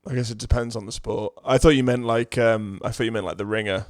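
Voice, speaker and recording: A man co-hosting a casual podcast chat, laid-back and quick to laugh. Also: medium pitch, steady tone, no echo, studio quality. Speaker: podcast co-host.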